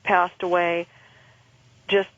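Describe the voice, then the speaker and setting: A woman's voice: fairly low pitch, little pitch movement. Earnest woman on a muffled phone line. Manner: earnest, halting, with frequent restarts. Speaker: radio show guest. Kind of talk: personal testimony over the phone. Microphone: telephone.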